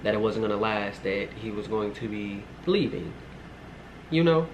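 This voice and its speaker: A man's voice: fairly low pitch, animated, normal speed, heavy background noise. A man in his twenties casually telling a personal story to his viewers, rambling, with lots of filler words and swearing. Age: 20s. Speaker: storytime vlogger.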